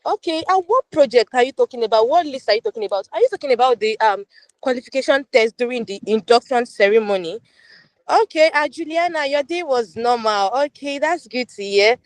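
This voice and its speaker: A woman's voice: on the high side, lively intonation, fairly quick, no echo. Upbeat woman hosting a live class. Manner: upbeat, repeats phrases, many fillers. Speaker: online class tutor. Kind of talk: live-stream class chat, reading viewer comments.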